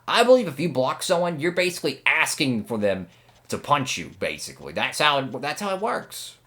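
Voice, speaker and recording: A young man commentating his own racing game run, excitable and talking at the other drivers. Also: a little high, a little fast. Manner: excitable, talks to rival drivers, frequent outbursts. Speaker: gaming channel host.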